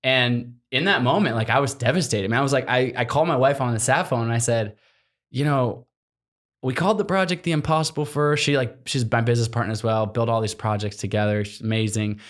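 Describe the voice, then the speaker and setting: Animated man telling a story. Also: mid-range voice, fairly quick. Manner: animated storyteller, acts out quotes, laughs often. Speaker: guest, explorer. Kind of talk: storytelling in a podcast interview.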